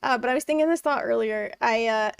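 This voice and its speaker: Her voice is a little high, smooth and brisk with some vocal fry, captured from a distance without echo. This twenty-something woman plays a farming game on stream at home, laughing a lot as she chats easily with her audience.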